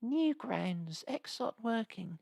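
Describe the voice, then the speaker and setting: A woman's voice: fairly high pitch, expressive, slow pace, gravelly, dark tone, no echo. A woman chatting casually and rambling while she live-streams old games. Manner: rambling, chatty, lots of restarts and asides.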